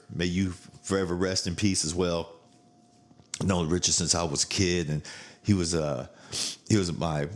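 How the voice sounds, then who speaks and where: A man with a very low, deep voice talks casually on his podcast. He is blunt and profane, and he laughs as he tells family stories. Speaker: podcast host. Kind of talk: casual chat.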